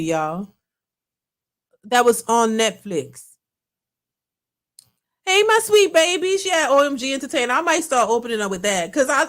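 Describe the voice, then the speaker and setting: Rambling woman on a livestream, kinda high voice, chatting to y'all. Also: fairly bright tone. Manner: rambling, talks to viewers as y'all, reads super chats. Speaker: reaction channel host. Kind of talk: casual livestream chat.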